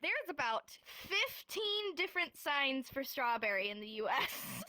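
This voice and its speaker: A woman with a high, bright voice leads a relaxed class and walks her students through each step. She is upbeat and quick to joke. The sound is close and dry, with no room around it. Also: no room sound. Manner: upbeat, joking, explains step by step. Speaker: sign language teacher. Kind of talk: casual online class instruction.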